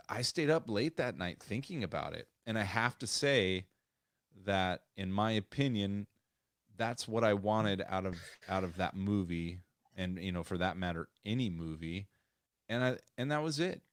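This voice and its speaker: A man's voice: low-pitched, expressive, unhurried, fairly bright tone, dry recording, studio quality. A man co-hosting a casual podcast over a remote call, talking in a rambling way with many restarts. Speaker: podcast co-host.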